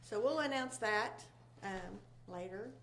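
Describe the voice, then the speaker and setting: A woman from a local chamber of commerce chatting casually, rambling and halting with many fillers. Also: mid-range voice, creaky, crowd noise. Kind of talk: casual local talk show chat.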